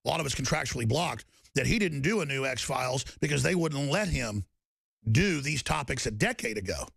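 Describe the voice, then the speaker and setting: A man hosting a talk show, ranting in an emphatic, combative way that swings to shouted defiance. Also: mid-range voice, lively intonation, a little fast, vocal fry, slightly rough, dry recording. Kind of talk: heated talk-show rant.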